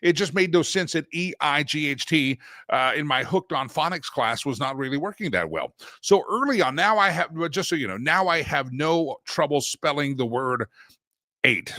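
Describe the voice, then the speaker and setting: A man's voice: on the high side, lively intonation, normal speed, sharp tone, dry recording, studio quality. A man hosting a morning talk show, chatty and joking, with rambling asides. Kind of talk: casual news commentary show.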